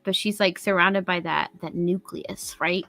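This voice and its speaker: A woman's voice: fairly low pitch, steady tone, a little slow, creaky, pushed and bright, no room sound, soft background music. A woman chatting casually on a live stream as a guest, playful and giggly, teasing her viewers.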